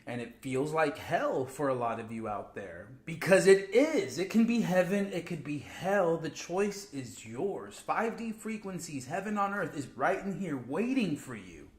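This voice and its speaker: A man co-hosting a spiritual livestream in casual chat, relaxed and preachy, with casual slang. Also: on the high side, a little slow, few pauses. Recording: echoey room.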